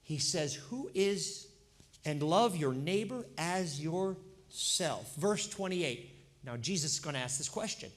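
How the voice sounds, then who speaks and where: Lively man in his fifties preaching. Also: on the high side, slow. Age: 50s. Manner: lively, conversational preaching with questions to the congregation. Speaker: pastor. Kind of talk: sermon.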